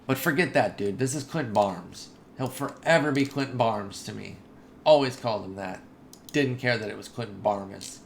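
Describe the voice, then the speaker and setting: Guy with a gravelly fry doing chill gameplay commentary, mid pitch, faint hiss behind, gets worked up easy. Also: measured pace. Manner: chatty and excitable, says dude and y'all. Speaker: gaming video host.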